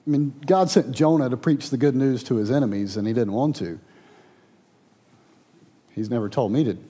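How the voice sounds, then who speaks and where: A man preaching a sermon to his congregation, with dramatic swings in volume and loud, raised passages. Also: mid-range voice, moderate pace, breathy edge. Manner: preaching with dramatic swings, loud when voicing the angry prophet. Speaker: pastor.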